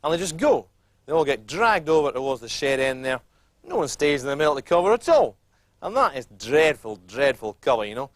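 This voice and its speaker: A man's voice: mid-range voice, sing-song, a little fast, dry recording, close to an everyday voice. A male football pundit with a dry, critical delivery, as a man puts him on. The recording is close and dead.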